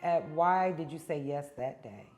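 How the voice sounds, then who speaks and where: A woman interviewer with a low, mellow voice. She gently repeats her guest's story back and asks follow-up questions. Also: unhurried, muffled recording, faint music behind.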